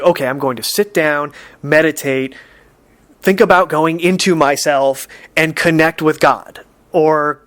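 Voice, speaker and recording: A man's voice: on the high side, fairly bright tone. A man giving a casual, rambling spiritual monologue, reflective and given to frequent laughs. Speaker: spiritual talk host.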